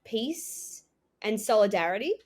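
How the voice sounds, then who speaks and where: A woman's voice: mid-range voice, expressive, a little slow, darkish tone. A young woman, co-hosting a casual chat with dry, joking asides. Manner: wry, joking, fond of comic asides. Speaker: podcast co-host.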